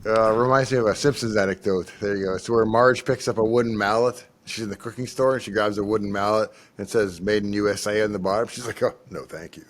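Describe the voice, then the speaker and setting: A man hosting a casual livestream Q&A, answering in a measured way with dry humor. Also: fairly low pitch, steady tone. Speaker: host.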